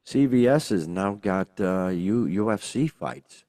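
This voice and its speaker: Deep-voiced older man in rambling chat. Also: expressive, unhurried, mellow, no echo, studio quality. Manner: rambling, joking, frequent fillers and exclamations. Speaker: podcast co-host. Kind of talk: casual chat.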